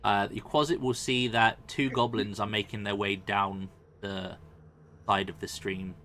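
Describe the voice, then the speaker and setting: A man with a lowish voice and a bright, forward tone narrates a tabletop game as dungeon master. He speaks in a relaxed, halting way, full of fillers. A faint hiss sits behind him.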